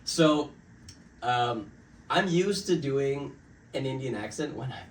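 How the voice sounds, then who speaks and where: A young man who grew up in Dubai and moved to Canada, an actor guest chatting casually on a podcast with a relaxed, rambling manner full of fillers. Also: mid-range voice, slow, recorded from a distance, a little hiss or hum. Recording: roomy sound from off mic with faint ambience.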